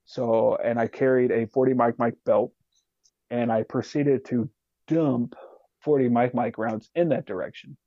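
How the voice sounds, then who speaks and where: A man tells a war story in a casual podcast chat, swearing freely and acting out the voices of his squad. His tone is warm and mellow. The recording is dry and dull, like a lo-fi home setup. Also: medium pitch, a little slow, no echo. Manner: profane, animated war storytelling. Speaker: podcast guest, retired soldier.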